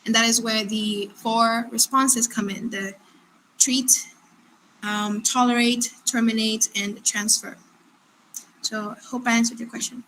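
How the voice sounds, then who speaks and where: Woman calmly explaining on a video call. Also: a little high, a little hiss or hum, low-quality recording. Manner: measured, structured explanations. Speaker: GRC professional panelist. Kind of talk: explaining concepts on a webinar.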